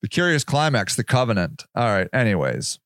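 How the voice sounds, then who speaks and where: A man's voice: fairly low pitch, sing-song, brisk, fairly bright tone, no echo. A man hosting a solo podcast, reading passages aloud and then ranting in a sarcastic, profane, heated way. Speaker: podcast host.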